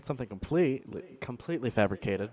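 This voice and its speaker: A man's voice: medium pitch, expressive, fast, a little mellow. A man co-hosting a casual podcast chat, making dry, offhand remarks. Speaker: podcast co-host.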